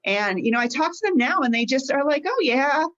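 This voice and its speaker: A woman's voice: high-pitched, expressive, fast, fairly bright tone, muffled recording. A woman life coach, a guest in a podcast interview, telling her story in an open, heartfelt way. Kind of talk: conversational interview.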